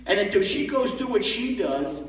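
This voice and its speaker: A man giving an animated storytelling sermon as a rabbi at a conference, recorded from far off in a large echoey hall. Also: high-pitched, moderate pace. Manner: animated, acts out the story in voices.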